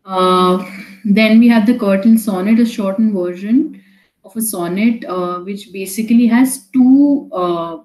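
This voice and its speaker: Unhurried and a little mellow, her medium-pitched voice carries through an echoey room as she teaches poetry online. The young woman, who has an Indian accent, keeps things casual and chatty, slipping into Hindi and frequently restarting or filling pauses.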